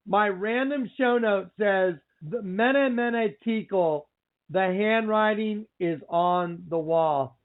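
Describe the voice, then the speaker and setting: A man hosting a religious talk radio show, telling a story in an excitable, exclaiming way with lots of repeated phrases. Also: sits high. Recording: tinny phone-like line.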